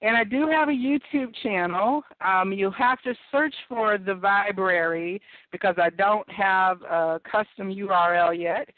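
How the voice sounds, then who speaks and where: A woman's voice: mid-range voice, measured pace, no room sound. Woman, radio host, casual chat, laughs at herself, phone-like audio, dry sound. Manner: chatty, laughing, self-deprecating. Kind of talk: casual internet radio monologue. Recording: tinny phone-line audio.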